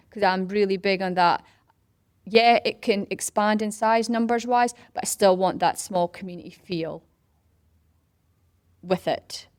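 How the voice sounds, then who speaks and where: A woman's voice: mid-range voice, no echo, clean studio sound. A middle-aged Scottish woman in a casual interview, chatting about starting a community run and acting out what people said. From Scotland. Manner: animated storytelling, acts out quoted voices. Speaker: parkrun founder.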